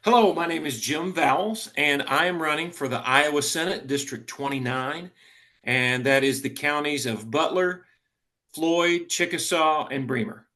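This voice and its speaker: Earnest man, slightly high voice. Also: bright, forceful tone. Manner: earnest, halting, many restarts. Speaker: political candidate. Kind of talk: casual interview.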